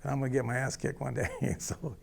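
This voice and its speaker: A man's voice: mid-range voice, fairly even intonation, fast, gravelly, breathy edge. A man from the United States telling a personal story in a blunt, rambling way, often checking in with the listener. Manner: blunt, rambling, checks in with "okay?" and "you know". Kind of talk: casual spoken storytelling.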